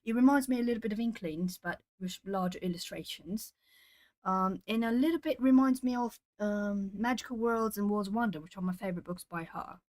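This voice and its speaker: A woman's voice: mid-range voice, brisk, a little mellow. A woman with Portuguese as her hosts an art stream at home. She chats casually with viewers while she colours, musing aloud as she goes. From Brazil.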